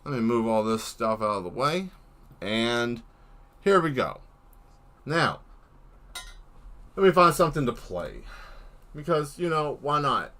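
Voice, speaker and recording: A man livestreams as an artist, showing off his artwork while chatting in a loose, playful way and rambling with sudden bursts of excitement. His voice is medium in pitch, his pace is measured, and he pauses often.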